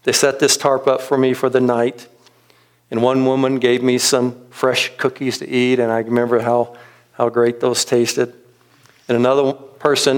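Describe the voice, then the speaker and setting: A middle-aged man giving a reflective sermon, telling a personal story in a gentle, earnest way with frequent pauses. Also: medium pitch. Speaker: pastor.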